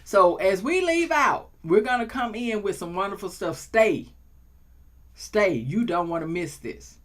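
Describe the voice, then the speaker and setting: A woman's voice: mid-range voice, lively intonation, normal speed, fairly bright tone. A woman hosting a talk show, chatting playfully and building to preacher-like repetition. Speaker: show host. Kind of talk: casual talk show chat.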